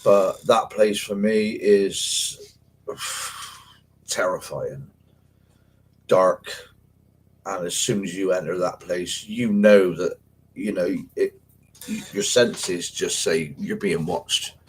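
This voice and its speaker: A man's voice: deep voice, a little hiss or hum, low-quality recording. A man hosting a livestream for paranormal investigators, telling rambling, sweary stories to his viewers in casual slang. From England. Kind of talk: casual live chat with viewers.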